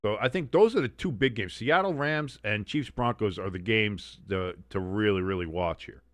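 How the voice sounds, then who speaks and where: A man's voice: on the low side, normal speed, no echo, studio quality. A man hosting a casual live sports watch-along, chatty, with sarcastic, mocking asides.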